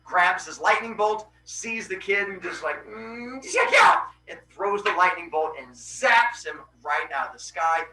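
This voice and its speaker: A man hosting a podcast, casually retelling Greek myths with animated voices for the characters. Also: high voice, measured pace, few pauses, reverberant, recorded from a distance, noisy background. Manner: animated, acts out characters' cries. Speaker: podcast host.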